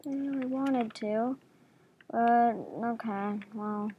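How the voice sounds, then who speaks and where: A woman casually commenting on her own gameplay, talking to herself with jumpy reactions and soft murmured asides. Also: fairly high pitch, little pitch movement, extremely slow, lo-fi sound, slight background noise. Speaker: gaming video creator.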